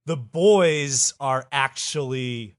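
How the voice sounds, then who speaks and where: A man's voice: medium pitch, very slow, dry recording. Dry-voiced man riffing on a comedy podcast. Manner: lecturing, laughs often. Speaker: podcast co-host. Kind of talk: crude comedy banter.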